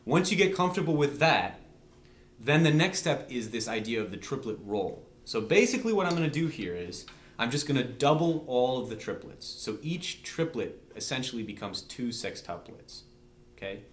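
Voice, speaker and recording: In an echoey room with a drum kit, a man demonstrates drumming one step at a time, checking in with "okay?" frequently. His medium-pitched voice swings widely in pitch at a normal speed, and his teaching manner is patient and chatty.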